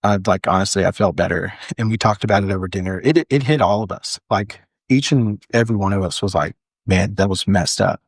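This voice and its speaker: Young adult male, lower register, dry studio sound; earnest interview guest recounting a story. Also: brisk, no room sound. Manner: earnest, frequent "like" fillers and restarts. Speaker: firefighter guest. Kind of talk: candid storytelling in a podcast interview.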